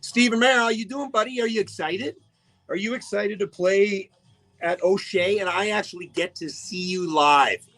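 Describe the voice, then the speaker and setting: A man's voice: high voice, normal speed, fairly bright tone. A man hosting a live radio show in casual, jokey chat, greeting listeners by name. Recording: faint music behind the voice.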